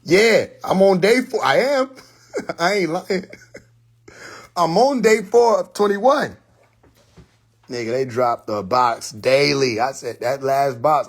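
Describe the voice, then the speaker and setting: A man's voice: on the high side, lively intonation, slow, pauses often. A man hosting a live social media stream from his phone, telling a story in loose slang with frequent laughter. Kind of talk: casual live stream monologue.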